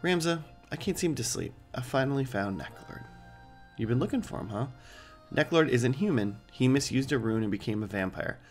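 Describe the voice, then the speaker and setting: A man's voice: mid-range voice, lively intonation, moderate pace, faint music behind, natural voice. Man reading as a brooding vengeful warrior. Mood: grim. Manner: reads game dialogue in a plain voice. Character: brooding male warrior bent on revenge.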